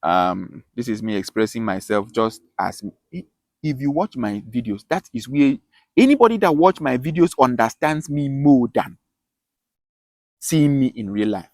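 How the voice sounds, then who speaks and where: At medium pitch and moderate pace, his lively, slightly mellow voice comes through with no echo. The self-styled teacher, accented from Akwa Ibom in Nigeria, delivers his lesson with passion, stressing points and repeatedly restarting phrases.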